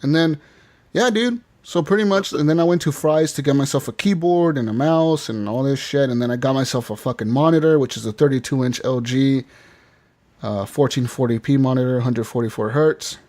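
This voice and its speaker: A man's voice: medium pitch, brisk, warm tone. A man hosting a podcast, telling a long rambling story in casual chat, swearing freely. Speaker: podcast host. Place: podcast studio.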